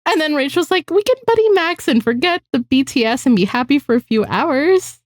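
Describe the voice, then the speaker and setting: A young woman co-hosting a podcast in a high, swooping voice, dramatically retelling a string of chat messages. Her voice is recorded close up with no room sound. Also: expressive, brisk, no echo. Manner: dramatic, recounts group chats with quoted lines. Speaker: podcast co-host. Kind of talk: casual chat.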